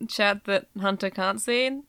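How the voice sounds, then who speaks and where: A woman's voice: mid-range voice, measured pace, gravelly, a loud crowd. A woman co-hosting a podcast, bantering playfully and bossing the guest around. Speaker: podcast host. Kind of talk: casual chat.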